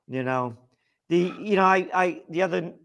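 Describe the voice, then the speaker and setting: A man's voice: high voice, moderate pace, creaky, a bit bright. A man hosting a political talk show, rambling and indignant, with many restarts and fillers. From United States. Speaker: host.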